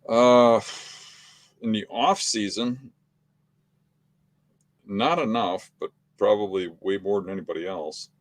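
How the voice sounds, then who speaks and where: A middle-aged man talking in a matter-of-fact, unhurried way on a podcast. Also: lowish voice. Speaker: podcast co-host, hunting guest. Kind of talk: casual conversation.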